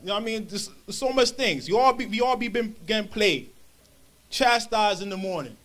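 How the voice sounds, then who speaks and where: Brief: high-pitched man, church elder, loose street-style Bible commentary. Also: animated, normal speed, fairly bright tone. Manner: street-style paraphrasing, acts out quoted voices.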